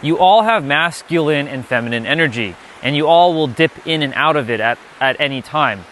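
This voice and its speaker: Blunt, bright-voiced male spiritual teacher. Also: fairly high pitch, expressive, moderate pace, slight background noise. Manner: blunt, profane, emphatic. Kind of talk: unscripted spiritual lesson.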